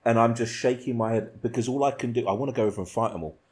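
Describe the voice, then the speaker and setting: A man's voice: mid-range voice, rapid-fire, darkish tone. A man hosting a casual podcast, telling rambling stories and laughing often. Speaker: podcast host.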